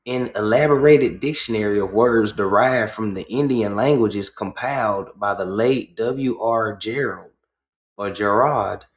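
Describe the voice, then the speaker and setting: A man's voice: on the low side, echoey room. A man hosting a livestream, reading a book aloud and stopping often to explain it in his own words, checking in with "right?". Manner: reads slowly, stops to explain and asks "right?". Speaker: livestream host.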